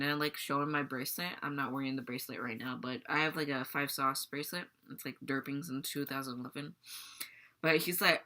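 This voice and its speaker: A woman's voice: low-pitched, normal speed, long pauses, pushed and bright. A teenage girl vlogging casually, rambling and giggling as she retells a dream. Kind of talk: casual storytelling vlog.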